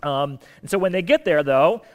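Pastor type, male, slightly higher voice, casual teaching sermon with light humor and punchy emphasis. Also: moderate pace. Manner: conversational teaching with asides and humor; animated, shifts loudness for emphasis.

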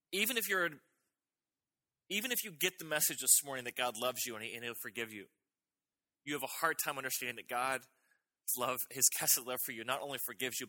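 A middle-aged male pastor preaches a sermon in a mid-range, bright voice with a forceful tone. He is emphatic and repetitive, pressing his main points again and again, with rising intensity on key phrases.

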